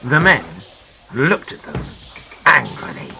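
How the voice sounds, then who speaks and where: A man narrating a children's adventure audiobook in a dramatic, very expressive way. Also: fairly high pitch, a little slow, a little hiss or hum, rough recording. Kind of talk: scripted storybook narration. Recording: narration over clear music.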